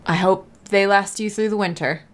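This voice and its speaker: A woman voicing a terse, gruff adventurer in a tabletop game, speaking in short, understated lines. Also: mid-range voice, steady tone, normal speed, close to an everyday voice. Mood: wry.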